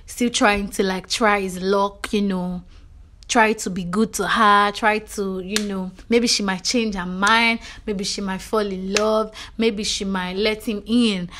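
Chatty Nigerian woman spilling gossip. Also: mid-range voice. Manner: animated storytelling, frequent "you know" and "do you understand". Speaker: reality show recap vlogger.

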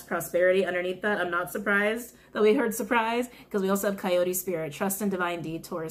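Gushing woman giving a tarot reading. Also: medium pitch. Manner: emotional, gushing, casual swearing; repeats phrases for emphasis. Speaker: tarot reader. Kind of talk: casual tarot reading to camera.

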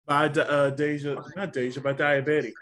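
A man's voice: a little high, flat delivery, moderate pace, a bit bright. A man co-hosting a casual show review, chatty and dramatic, often acting out quotes. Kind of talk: casual chat.

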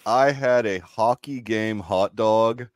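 A man's voice: fairly low pitch, slow, clean tone, no room sound, clean studio sound. A man guesting on a casual podcast, jokey and laughing as he talks. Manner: jokey, laughs while talking. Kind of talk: casual chat.

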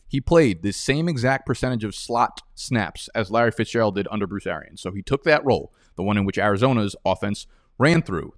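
An energetic young man with a New York-New Jersey accent talks through his fantasy football picks in a casual, emphatic way. His voice sits at an ordinary male pitch. The recording is close and dry, with no room sound. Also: dry recording. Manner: energetic and emphatic, drifts into chatty, profane tangents. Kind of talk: casual, opinionated analysis to camera.

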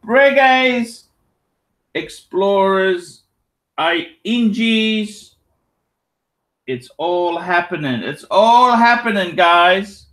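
A man in his forties rambles through a casual livestream, repeating himself and cursing in jest. His voice sits high and bright, and he talks slowly, dwelling on each phrase. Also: animated. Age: 40s. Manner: reads out donor messages. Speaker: livestream host.

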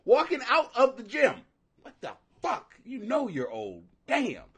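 Loud, high-voiced, profane man in his forties. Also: unhurried, breathy edge. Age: 40s. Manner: profane, loud, laughing, animated. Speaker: livestream host. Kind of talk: casual ranting commentary.

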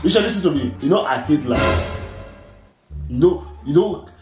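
A middle-aged man playing a strict father in a comedy skit, loudly scolding and firing indignant questions. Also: a little high, animated, moderate pace. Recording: echoey room with music behind.

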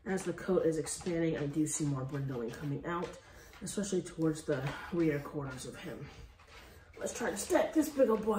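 A woman's voice: sits low, lively intonation, moderate pace, darkish tone. A woman, a dog breeder chatting casually and using sweet baby talk. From Texas. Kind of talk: casual vlog narration. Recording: echoey room with faint noise.

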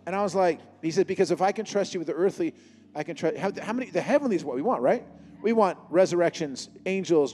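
A man preaching a sermon, telling a humorous testimony and acting out conversations in an animated storytelling manner. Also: a little high, in a large hall.

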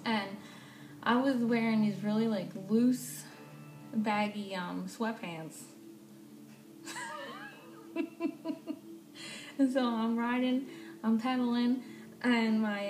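A young woman casually telling a storytime vlog, animated and swearing freely, laughing often. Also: on the high side. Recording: echoey room, faint background noise.

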